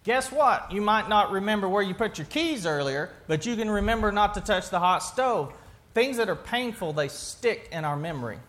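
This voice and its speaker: A man with a notably high voice preaches a sermon. He talks like he is chatting with his congregation, tossing them questions and backing up mid-sentence to rephrase. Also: animated, moderate pace, fairly bright tone. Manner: conversational, asks the congregation questions, restarts sentences. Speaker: pastor.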